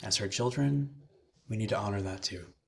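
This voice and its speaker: A man with a low, gravelly voice leads a guided meditation. He speaks slowly and soothingly, pausing for breathing cues. His tone stays calm throughout. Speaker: minister.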